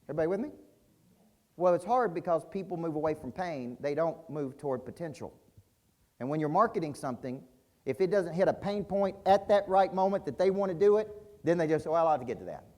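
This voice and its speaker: A man's voice: on the high side, expressive, fairly quick, dark tone. A middle-aged man giving an intense, punchy business-coaching keynote at a conference, often quizzing his audience. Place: conference hall stage.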